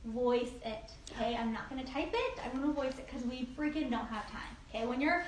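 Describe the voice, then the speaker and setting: A woman's voice: on the high side, brisk. A woman giving a casual group training talk on networking, upbeat and chatty, with frequent "like" and "okay?". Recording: echoey room, mic from a distance, faint noise.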